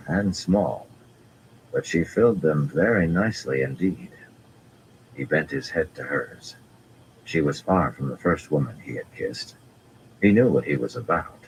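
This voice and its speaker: A man reading a fantasy novel aloud as an audiobook narrator, in a measured, even storytelling manner. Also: extremely low pitch, slight background noise, rough recording.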